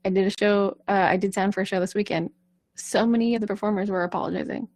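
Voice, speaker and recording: A woman's voice: medium pitch, steady tone, quick pace, a little mellow, dry recording. A woman voice coach giving a casual, reassuring talk, often checking in with "right?".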